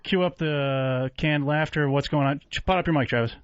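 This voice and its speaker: A man hosting a radio show, brisk and quick to cut in and move things along. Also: a little high, clean tone, no room sound. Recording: dry, dull broadcast sound.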